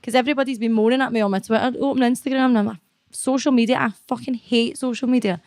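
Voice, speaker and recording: A woman's voice: on the high side, steady tone, quick pace, darkish tone, no room sound, studio quality. A young woman with a Scottish accent, chatting as an interview guest in a blunt, salty way with plenty of swearing. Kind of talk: casual interview chat.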